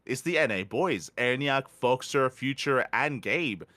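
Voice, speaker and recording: A man's voice: mid-range voice, animated, unhurried, bright, forceful tone, dry recording. A man co-hosting an esports podcast, recapping match results in a laid-back way with many fillers. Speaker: podcast co-host.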